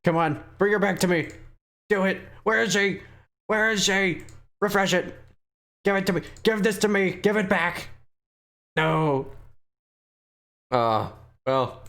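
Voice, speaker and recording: A man's voice: high voice, measured pace, gravelly, pauses often, a bit bright. A young man giving joking, playful commentary as he streams a game and talks to his chat. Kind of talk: casual gameplay commentary.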